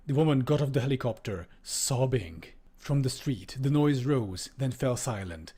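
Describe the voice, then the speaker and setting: A man reads a book aloud on a stream and breaks off for casual, profane commentary full of laughter. His voice sits at a middling pitch. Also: big pitch swings, moderate pace, a little mellow, slightly rough.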